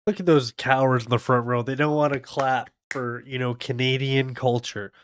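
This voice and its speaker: A man's voice: medium pitch, fairly even intonation, moderate pace, slight background noise. A man hosting a livestream, giving blunt, profane political commentary over a clip. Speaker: livestream host.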